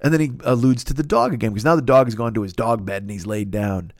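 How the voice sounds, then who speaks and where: A man hosting a comedy podcast, telling a story in a profane, animated way and acting out the people in it. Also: mid-range voice, fast, no echo, clean studio sound. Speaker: podcast host.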